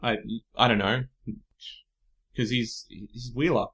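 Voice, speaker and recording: A man's voice: medium pitch, fairly even intonation, slow pace, fairly bright tone. A man co-hosting a casual recap chat, rambling as he searches for words and restarts his sentences. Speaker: podcast co-host.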